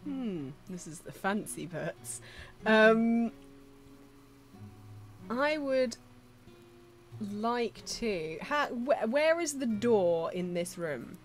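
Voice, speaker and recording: Woman player, talks real slow, kinda unsure, thinks out loud. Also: fairly high pitch, expressive, soft background music. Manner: hesitant, thinks aloud. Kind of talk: playing a tabletop game.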